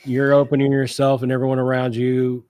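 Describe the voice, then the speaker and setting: A man's voice: mid-range voice, completely flat delivery, fairly quick, warm tone, clear, resonant tone, no room sound. A man talking casually on a radio show about paranormal investigations, upbeat and rambling with many fillers. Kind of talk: casual chat.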